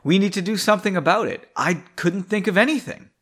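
A man reading as a calm, determined hero. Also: high-pitched, fairly quick, breathy edge, pitched above the performer's own voice. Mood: urgent. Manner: calm, urgent.

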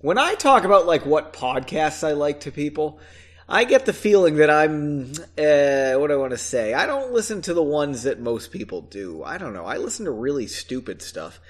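A man's voice: a little high, sing-song, normal speed. A young man hosting a podcast, reading a book aloud and mocking it in a sarcastic, rambling way, laughing and swearing often. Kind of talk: casual podcast chat and mocking read-along.

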